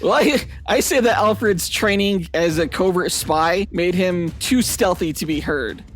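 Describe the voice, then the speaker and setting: High-voiced playful male podcast host. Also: measured pace, soft background music. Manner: animated, laughing storyteller. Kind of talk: playful comedic debate.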